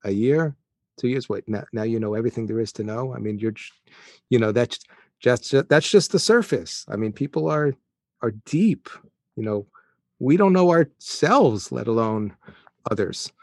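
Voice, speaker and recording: A man interviewing a guest, reflecting thoughtfully and tentatively, with many pauses and fillers. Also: medium pitch, lively intonation, no echo, clean studio sound. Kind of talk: conversational interview.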